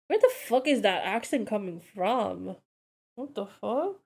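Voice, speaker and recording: Tipsy young woman, slow and swearing. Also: medium pitch, expressive, gravelly, a little mellow. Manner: loose, swearing, sleepy and rambling. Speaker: vtuber streamer. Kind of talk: casual drinking stream chat.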